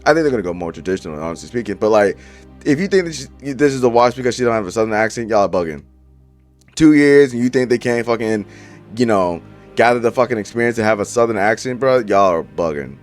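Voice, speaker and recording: A man's voice: fairly low pitch, expressive, fast, faint music behind. A young man giving casual, profane commentary straight to his viewers, full of slang. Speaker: YouTuber reviewing movie casting.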